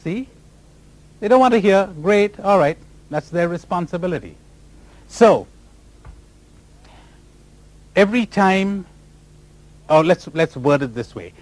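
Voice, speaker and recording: A man's voice: high voice, lively intonation, a little slow, pauses often, no room sound. A man giving a spiritual talk to a live audience, teasing them with rhetorical questions and sometimes mimicking other people's voices. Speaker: spiritual teacher.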